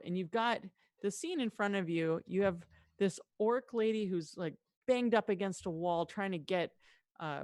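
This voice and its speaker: A woman narrating as game master of a tabletop game, lively and quick to voice the townsfolk. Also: on the low side, no echo, clean studio sound.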